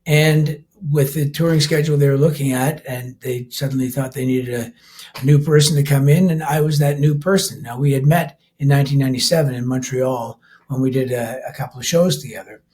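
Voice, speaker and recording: An older Canadian rock musician, vocalist and keyboardist for his band, chats casually as a podcast guest. His mid-range, darkish voice moves briskly with fairly even intonation, and he rambles, restarts often and laughs easily.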